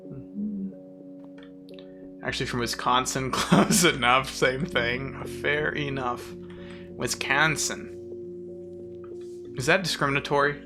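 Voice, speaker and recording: A man from the southern United States with a mild southern accent rambles casually while streaming a game and reading chat aloud. His mid-range voice keeps a measured pace over music.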